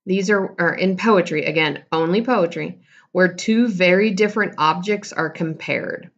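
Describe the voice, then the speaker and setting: A woman's voice: on the low side, unhurried, highs cut off. A woman teacher giving a casual recorded lesson, explaining terms and correcting herself as she goes.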